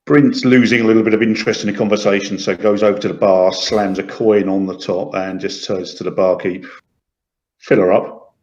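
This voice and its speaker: A man taking part in a tabletop game and describing his character's actions. His voice is low for a man, and the sound is roomy. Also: level tone, a little fast, hardly any pauses, dull audio. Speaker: player. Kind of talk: tabletop role-play.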